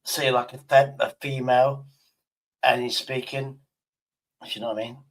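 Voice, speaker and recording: A man's voice: mid-range voice, little pitch movement, moderate pace. A man streaming live, chatting in a blunt, rambling way with casual swearing.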